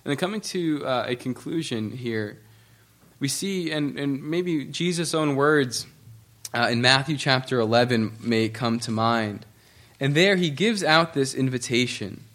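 A man's voice: medium pitch, a bit bright. A man preaching a sermon, reading scripture aloud in an earnest manner with frequent restarts. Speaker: pastor.

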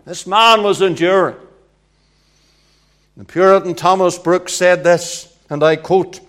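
A man preaching a sermon, emphatic and repetitive, swinging from hushed passages to loud ones. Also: high voice, steady tone, a little slow, pauses often.

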